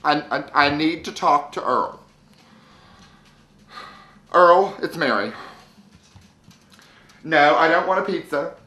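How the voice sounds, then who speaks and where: A melodramatic trailer-park wife, put on by a comic performer, wails and whines in a self-pitying home tour, her pitch leaping wildly between low mutters and shrill cries. The voice rings in an echoey room at home. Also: expressive, slow, long pauses, sharp tone. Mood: whiny, aggrieved. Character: distraught, whiny trailer-park wife named Mary. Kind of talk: parody video monologue, home tour. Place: indoors at home, house tour.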